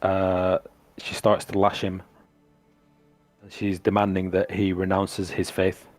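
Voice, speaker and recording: A man running a tabletop game as game master, narrating the scene descriptively and halting often with fillers. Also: sits low, completely flat delivery, a little mellow, faint music behind.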